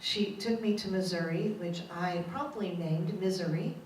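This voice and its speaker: A woman's voice: fairly low pitch, unhurried, a crowd in the background. A middle-aged woman minister giving a candid personal testimony sermon, self-mocking and laughing often. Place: church sanctuary. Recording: roomy echo, from a distance, faint noise.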